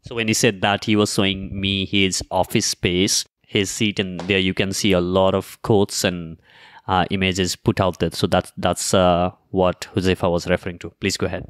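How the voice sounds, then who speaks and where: A man hosting an interview, measured and explanatory as he guides the guest. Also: sits low, level tone. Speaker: interview host.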